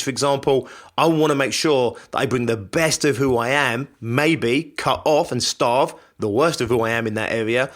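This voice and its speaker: A man's voice: medium pitch, a bit bright. A man hosting a podcast, delivering a conversational, reflective self-help monologue and repeating phrases for emphasis. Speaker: podcast host.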